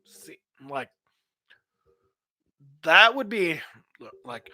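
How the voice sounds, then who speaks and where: A man's voice: high voice, sing-song, extremely slow, sharp tone. A man, a metal vocalist, giving rambling casual advice on singing, repeating himself as he goes. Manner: rambling, repeats words, demonstrates screams and growls.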